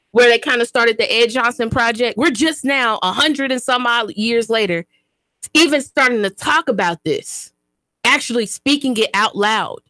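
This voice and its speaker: High-voiced woman, impassioned radio host. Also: sharp tone, no room sound. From Chattanooga, Tennessee, US. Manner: emphatic, preacher-like repetition. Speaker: radio show host and community activist. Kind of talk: impassioned talk radio monologue. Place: radio studio.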